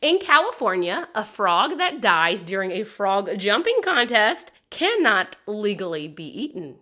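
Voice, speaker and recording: A woman hosts a history podcast, walking through odd stories in a chatty, amused way. Her voice is bright and forward, and she laughs between points. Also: medium pitch, very animated, unhurried. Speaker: podcast host. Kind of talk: casual history storytelling.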